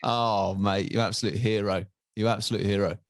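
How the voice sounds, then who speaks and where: A man's voice: lowish voice, fairly even intonation, moderate pace, dry recording. A man hosting a podcast, playful and laughing a lot as he chats. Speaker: podcast host. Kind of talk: casual chat.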